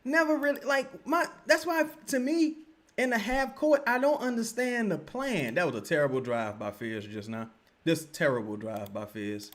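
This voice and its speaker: Animated New man ranting on stream. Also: high-pitched, moderate pace. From Louisiana. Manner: animated, profane, repeats points with "right?". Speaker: sports commentary streamer. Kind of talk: live-stream basketball commentary.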